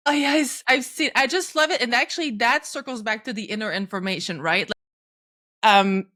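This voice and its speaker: Lady podcast host, kinda high voice, rambly and thoughtful, lots of likes and ums. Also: normal speed, bright, forceful tone. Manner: thoughtful, rambling, searching for words. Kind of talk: casual podcast chat.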